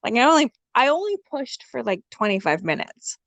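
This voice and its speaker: A young woman guests on a podcast, candidly telling a story in casual chat with salty language. Her voice is a little high and fairly quick, recorded dry and close with no echo. Lively, frank and joking, she swears freely and acts out quoted dialogue.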